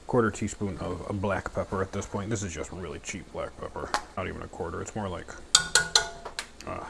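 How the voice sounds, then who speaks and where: Jokey man cooking in a noisy kitchen. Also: on the low side. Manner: jokey, chatty, talks to himself while cooking. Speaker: home cook. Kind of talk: casual cooking demo. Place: home kitchen. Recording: clattering pans and utensils behind.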